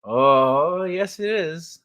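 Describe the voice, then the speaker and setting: A man's voice: fairly high pitch, drawn-out words, fairly bright tone, smooth. A man hosting a casual live stream, chatting loosely with his viewers, swearing and laughing often as he reacts to the chat. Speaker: livestream host.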